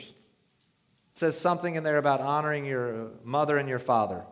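A man's voice: medium pitch, moderate pace. Guy pastor preaching, chatty and jokey, does little voices for quotes. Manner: conversational, joking, acts out quoted voices. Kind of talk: sermon.

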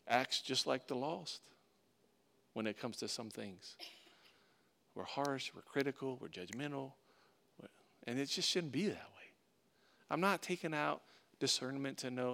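Pastor, male, preaching voice; drops low and soft, then rises loud and ringing, repeats himself for emphasis. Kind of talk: sermon.

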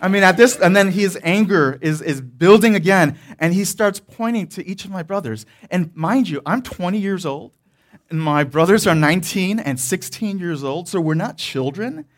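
At a moderate pace and with animation, a male pastor preaches by way of a loose personal anecdote, his voice on the high side. He wanders, starts sentences over and breaks into laughter.

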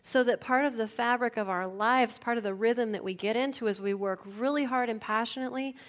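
A woman's voice: fairly high pitch, brisk. A woman pastor, preaching a personal, confessional sermon and dropping to a near whisper at tender moments.

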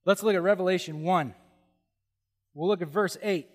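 A middle-aged man preaching a sermon, animated and humorous, often exclaiming in wonder. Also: sits high, moderate pace. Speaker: pastor. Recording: long reverb of a large hall.

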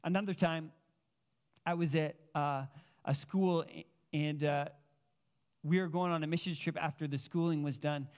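A man preaching a sermon as a pastor, telling personal stories in an animated, casual way with plenty of filler words. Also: fairly high pitch, measured pace, long pauses, clear, resonant tone.

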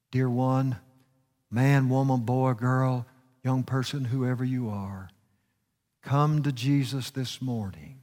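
Fervent preacher in a reverberant church. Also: male voice, medium pitch, steady tone, slow, darkish tone. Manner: fervent, rising and falling for emphasis. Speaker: guest preacher. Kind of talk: sermon. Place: church sanctuary.

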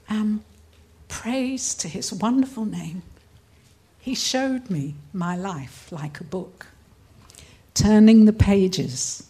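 An older woman from England tells her testimony at a conference. She speaks slowly and earnestly, at a middle pitch, and laughs easily between her lines. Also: expressive, mellow. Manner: earnest storytelling, breaks into laughter. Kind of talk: testimony talk.

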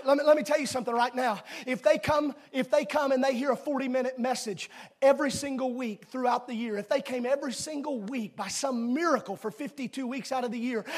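With a very high-pitched voice, a middle-aged man delivers a church sermon. He moves back and forth from shouted, emphatic statements to quiet, friendly asides aimed at the congregation.

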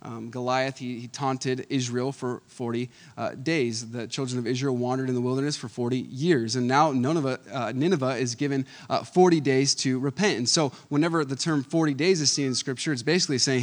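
A man in his thirties preaching a conversational Sunday sermon. He is animated and chuckles often, swinging between loud emphasis and quiet asides. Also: mid-range voice, fairly quick, hardly any pauses. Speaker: pastor.

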